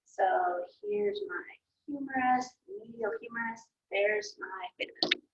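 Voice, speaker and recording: A woman's voice: high voice, very animated, measured pace, vocal fry, very noisy. A woman teaching anatomy as she draws, patient and thinking aloud, correcting herself now and then. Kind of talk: explaining anatomy while drawing. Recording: dull lo-fi recording.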